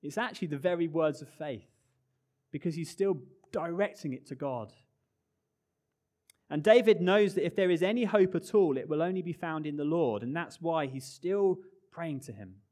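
Earnest male preacher, hushed and rising. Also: normal speed. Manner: earnest, swings from loud emphasis to hushed low phrases. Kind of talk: sermon.

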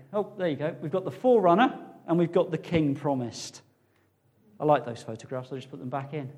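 A man delivers a sermon in a slightly raised voice. He repeats key phrases and swells into loud, emphatic declarations. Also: fairly high pitch. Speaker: preacher.

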